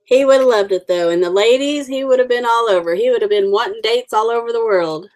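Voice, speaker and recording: Fairly quick and a little mellow, her slightly high voice carries a casual livestream. She's a woman in her forties chatting with viewers in a rambling, friendly manner, heavy on fillers.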